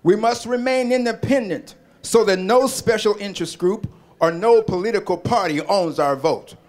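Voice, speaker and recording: A man's voice: high voice, moderate pace, darkish tone. A man delivering an impassioned political rally speech, building rhetorical repetitions and leading the crowd in call-and-response chants. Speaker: rally speaker.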